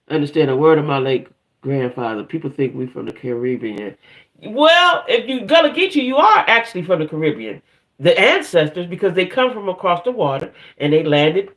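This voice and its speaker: A man with a fairly high voice talks loosely on a livestream, rambling from one thought to the next. He keeps tossing quick asides to his listeners as he goes. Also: a bit bright. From northern United States. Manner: rambling, chatty, keeps checking in with "right?" and "y'all". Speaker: livestream host. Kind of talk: casual livestream chat.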